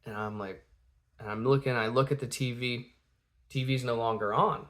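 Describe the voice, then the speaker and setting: A man's voice: medium pitch, fairly even intonation, moderate pace, a bit bright. A man in his thirties, a father telling a family story in a casual, rambling way, full of fillers and restarts, acting out the quotes.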